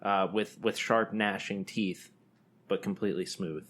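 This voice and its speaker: A man's voice: on the low side, steady tone, measured pace, fairly bright tone. A man with a Southern US accent from Texas, telling a story in casual podcast chat, laid-back with many ums. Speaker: podcast co-host.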